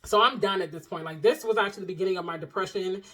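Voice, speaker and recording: A young adult woman telling a personal story to her viewers in a casual vlog, animated and expressive, full of slang and asides to the audience. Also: medium pitch, rapid-fire, poor audio.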